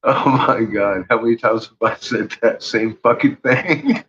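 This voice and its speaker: A man with a husky, strained, forceful voice rants on a casual livestream. He swears freely and laughs often, jumping from low mutters to loud shouting. The sound is dull and lo-fi. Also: unhurried. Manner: profane, laughs often between lines. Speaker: livestream host.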